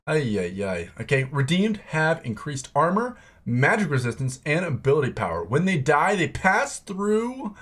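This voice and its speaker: A young man giving excited, exclamatory commentary while walking through a video game's new features. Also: on the high side. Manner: excitable, exclamatory, lots of "oh my gosh". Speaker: game content creator.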